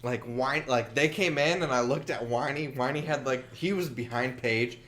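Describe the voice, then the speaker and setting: A man's voice: medium pitch, normal speed. A man, a guest on a podcast, telling a story in casual chat, swearing often and acting out what people said. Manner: animated, swears a lot, acts out quotes.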